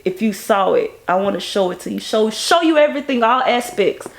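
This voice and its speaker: Woman, gravelly voice at an ordinary pitch, lively casual interview storyteller. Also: a little fast. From Baton Rouge, Louisiana. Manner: animated, acts out quoted people in a higher voice. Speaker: music video director.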